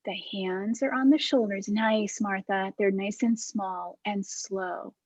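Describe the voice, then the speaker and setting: Soft-spoken woman leading a class. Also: medium pitch, slow pace, no echo. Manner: calm, soft-spoken cueing with breathy demonstrations. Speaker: movement class instructor. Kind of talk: guided exercise class over video call. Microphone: video call.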